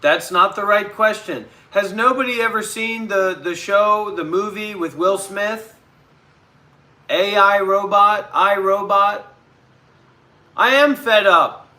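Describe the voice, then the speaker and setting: Guy ranting on his own stream, high sharp voice, kinda combative. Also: a little slow. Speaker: live stream host. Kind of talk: ranting live stream talk.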